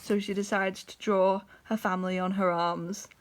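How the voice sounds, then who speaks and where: A young woman, an artist, showing her sketchbook in a casual, chatty vlog. She is excitable and scattered and keeps breaking off mid-sentence. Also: mid-range voice, moderate pace. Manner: excitable, scattered, self-interrupting.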